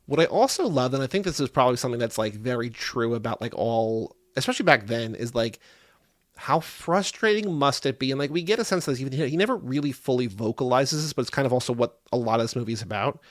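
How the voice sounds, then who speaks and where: A man co-hosting a podcast in casual chat, animated and acting out his own reactions. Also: mid-range voice, quick pace, few pauses, dry recording, clean studio sound. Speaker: podcast co-host.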